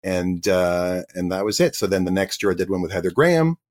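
A man's voice: deep voice, animated, brisk. A man, a guest actor, telling his career story in a chatty interview with frequent restarts. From Canada.

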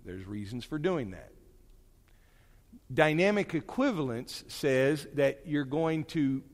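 A man teaching in a chatty, animated way. His pitch swings widely as he drifts into asides and restarts his sentences. His voice rings with the long reverb of a big hall. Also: takes it slowly. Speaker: Bible teacher. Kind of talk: conversational church teaching.

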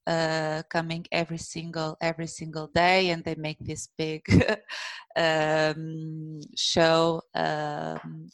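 A woman chatting casually as a podcast guest, with frequent pauses and restarts. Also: sits low, vocal fry, no room sound. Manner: hesitant, many fillers and restarts.

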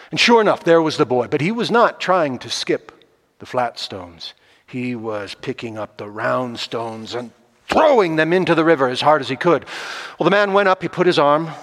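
Slow, hushed male storyteller. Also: mid-range voice. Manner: slow and deliberate, swinging from loud to hushed. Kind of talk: oral storytelling. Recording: long hall reverb.

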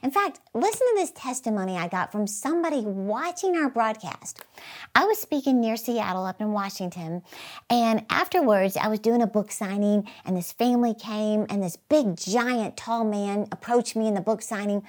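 A woman's voice: medium pitch, expressive, normal speed. A middle-aged woman preaching an earnest motivational sermon, telling stories with emphasis.

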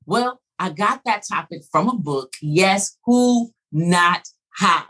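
A woman's voice: fairly low pitch, expressive, slow, fairly bright tone, breathy edge, rough recording. A woman in her fifties hosting a motivational podcast, enthusiastic and repeating words for emphasis. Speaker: podcast host. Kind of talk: energetic motivational podcast talk.

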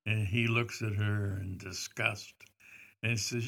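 An older man casually telling a long anecdote, rambling and pausing on frequent "uh" fillers as he goes. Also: on the low side, fairly even intonation, gravelly, pushed and bright, husky. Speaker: storyteller recalling a celebrity visit.

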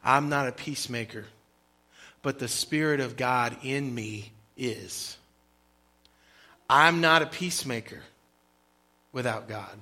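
A man preaching a sermon as pastor, with emphatic, rhythmic repetition and sudden drops into quiet asides. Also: mid-range voice, slow pace, pauses often. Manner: emphatic preaching, rising and dropping volume for effect; repeats phrases in a rhythmic cadence.

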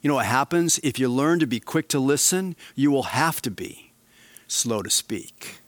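A man preaching a sermon in a mid-pitched voice. He swings from hushed, drawn-out emphasis to animated, raised passages. The sound is dry and close. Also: no room sound. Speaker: pastor.

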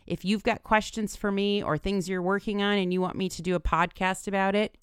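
Smooth-voiced encouraging woman podcaster. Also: fairly low pitch, dry recording, studio quality. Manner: earnest, encouraging, speaks straight to listeners. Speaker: podcast host. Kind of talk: motivational podcast talk.

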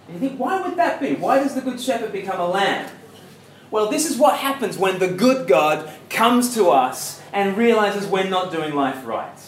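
A man with an Australian accent giving a jokey, conversational evangelistic talk, asking his audience questions. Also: sits high. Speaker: preacher giving a campus talk. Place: university lecture hall. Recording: echoey hall with faint noise.

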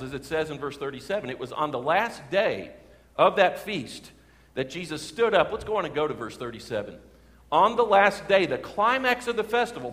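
A man preaching a sermon as a pastor, talking warmly and building to emphatic peaks on key phrases. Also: a little high. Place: church sanctuary. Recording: reverberant church sanctuary.

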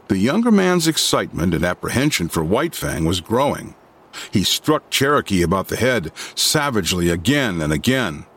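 Man with expressive storytelling. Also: lowish voice, moderate pace, husky. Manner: expressive, dramatic reading. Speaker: audiobook narrator. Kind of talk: reading a classic novel aloud.

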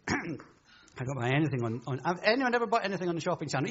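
Husky-voiced preacher, lively and high. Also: male voice, fast talker, long pauses, lo-fi sound. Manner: chatty, jokey, teases the congregation. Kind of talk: humorous sermon talk. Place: church.

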